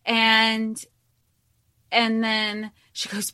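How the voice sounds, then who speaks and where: A woman co-hosting a book podcast in casual chat, talking in halting bursts with frequent restarts and easy laughter. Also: medium pitch, lively intonation, fairly bright tone, no echo, studio quality. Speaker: podcast co-host.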